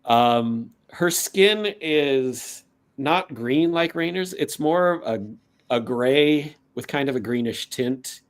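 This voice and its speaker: A man narrating a tabletop game as game master, unhurried and rambling with many fillers. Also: medium pitch, lively intonation.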